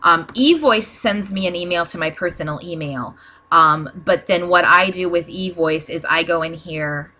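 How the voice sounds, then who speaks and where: Woman, low-ish pitch, bright tone, plain practical tutorial talk, um fillers. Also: normal speed. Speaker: small business owner teaching ad posting. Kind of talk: casual screen-share tutorial.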